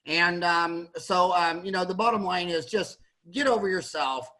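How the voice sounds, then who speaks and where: A man's voice: high voice, moderate pace, sharp tone, rough recording. A middle-aged man from the USA, a dentist hosting a panel over a video call, talking in a blunt, rambling, emphatic way with many restarts. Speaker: dentist and podcast host. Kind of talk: opinionated panel discussion.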